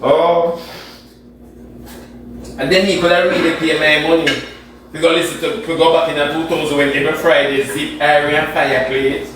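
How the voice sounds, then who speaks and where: A man's voice: fairly high pitch, steady tone, normal speed, long pauses. A man with a Jamaican accent giving sassy, dramatic gossip commentary in a reaction video. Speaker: social media commentator. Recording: very echoey room with faint noise.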